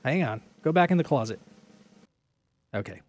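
A man's voice: expressive, moderate pace, a little mellow, slight background noise. A man co-hosting a talk radio show, joking playfully in casual studio banter. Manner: playful, jokey, bursts into high-pitched laughs. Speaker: radio co-host.

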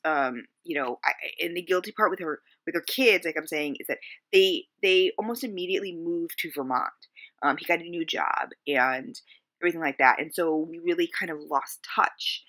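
A woman vlogger telling a personal story to camera, halting and searching for words with many fillers, soft and subdued, sometimes sinking toward a whisper. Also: low voice.

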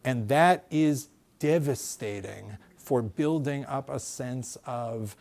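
A rabbi giving a conversational lecture to a live audience, thinking aloud with hedges and frequent restarts. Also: male voice, medium pitch, slow, vocal fry, darkish tone. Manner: thoughtful, hedging, many fillers and restarts. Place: lecture room with in-person audience.

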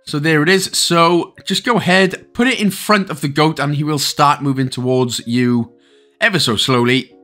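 A man's voice: a little high, normal speed, few pauses, sharp tone, faint music behind. A Welsh man giving a chatty, casual game walkthrough, full of rambling asides and jokes. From Wales. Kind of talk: casual gameplay commentary.

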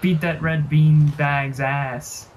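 A woman's voice: sits low, steady tone, slow, darkish tone, a little hiss or hum. A woman hosting a reaction video, casually commenting on funny clips with exclamations and chatty asides.

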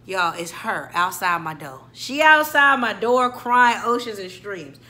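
A woman's voice: medium pitch, animated, unhurried, sharp tone. A young adult woman, telling a dramatic story and acting out every character. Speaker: storyteller vlogger. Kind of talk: storytime vlog.

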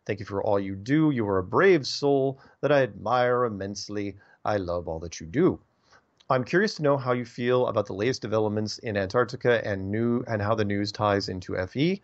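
A man's voice: fairly low pitch, brisk, muffled recording. A man hosting a radio show, reading listener emails aloud and answering them in a casual, rambling way, often stumbling over and repeating his words.

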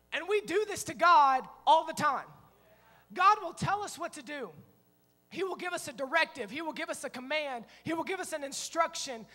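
Man, middle-aged pastor, lively storyteller sermon, high bright voice, church hall reverb. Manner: animated storytelling, acting out scenes, bursts of shouting. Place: church sanctuary.

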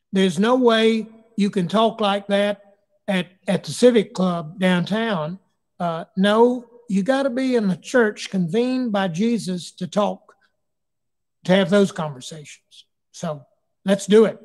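A middle-aged man, a bishop, speaking at a church community forum in an earnest, anecdotal preacher's way. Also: high voice. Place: church hall. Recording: long echo of a large hall.

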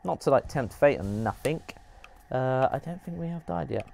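A man hosting a live game stream, chatting and reacting with animated, laugh-prone commentary. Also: mid-range voice, moderate pace, gravelly, slight background noise. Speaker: streamer host.

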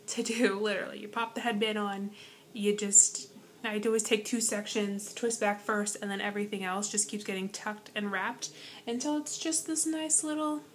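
Brief: young woman, chatty rambling vlogger, slightly high voice, frequent "like", whispered asides. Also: a bit bright, slight background noise. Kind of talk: casual chat to camera. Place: bedroom at home. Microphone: iPad propped on bed.

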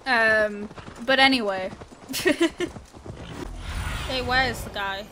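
A woman's voice: on the high side, slow, noisy background. A young woman commenting on a video game as she plays, with exasperated, giggly asides. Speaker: gameplay streamer. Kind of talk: casual let's play commentary.

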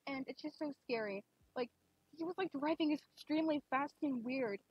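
A young woman streaming a game, chatting casually and rambling with lots of fillers, gushing excitedly at times. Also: sits high, normal speed, no room sound. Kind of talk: casual live-stream chat. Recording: dull lo-fi stream mic.

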